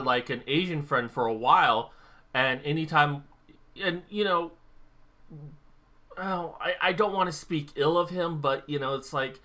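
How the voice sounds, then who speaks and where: A man's voice: on the high side, sharp tone. A young adult man vlogging casually, rambling and thinking aloud as he talks straight to the camera. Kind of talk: casual talk-to-camera monologue.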